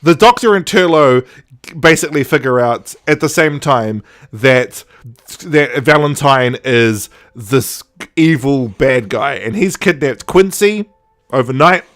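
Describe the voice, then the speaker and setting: A man hosting a podcast, recapping a story in a casual, animated way, laughing often and slipping into quick character voices. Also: medium pitch. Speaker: podcast host. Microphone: podcast microphone.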